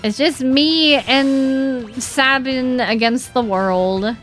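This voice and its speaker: A young woman chatting casually while streaming a game, animated and giggly, with lots of "like" fillers. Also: sits high, extremely slow, soft background music.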